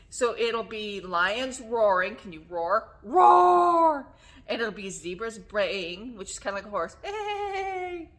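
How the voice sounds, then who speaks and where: A woman with a slightly hoarse voice leading a children's story time, singing songs, making animal sounds and reading a picture book aloud in a coaxing sing-song way. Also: medium pitch, bright, forceful tone. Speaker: children's librarian. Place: public library story room.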